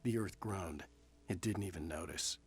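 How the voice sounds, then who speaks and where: A man voicing a brooding novelist who narrates his own dark story in a hushed, half-whispered delivery. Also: deep voice, moderate pace, breathy edge. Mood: somber. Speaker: game narrator. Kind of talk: scripted narration.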